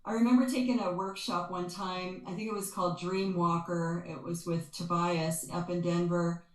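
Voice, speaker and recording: A woman's voice: lowish voice, little pitch movement, moderate pace. A woman guest and spiritual energy healer, talking earnestly and expressively in an interview and repeating words for stress. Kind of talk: conversational interview, explaining and storytelling. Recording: echoey room.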